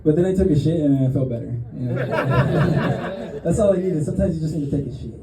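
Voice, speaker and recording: Rambling young comedian in a roomy club. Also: male voice, fairly high pitch, fairly quick, heavy background noise. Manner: rambling, self-deprecating, laughs at own jokes. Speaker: stand-up comedian. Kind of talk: stand-up set. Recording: roomy club stage sound.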